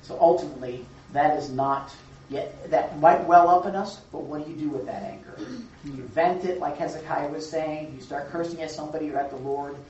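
A man leading an interactive Bible lesson, asking the group questions and affirming their answers in a lively way. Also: a little high, fairly quick. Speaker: teacher leading a Bible class. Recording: echoey room, distant mic, dull sound.

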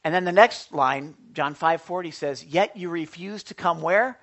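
Animated pastor preaching a sermon. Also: mid-range voice, moderate pace, few pauses. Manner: animated, asks the congregation questions. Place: church with congregation.

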